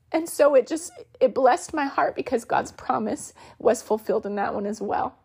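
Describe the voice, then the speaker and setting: A woman's voice: on the high side, lively intonation, normal speed, creaky, few pauses, darkish tone, husky. A woman in her thirties hosting a podcast, telling stories in a casual way and acting out the quoted lines. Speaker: podcast host. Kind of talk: casual storytelling.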